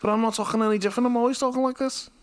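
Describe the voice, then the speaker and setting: A man's voice: steady tone, rapid-fire. A man putting on a Scouse accent, playing a brash, swaggering young lad. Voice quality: high, cocky, mocking.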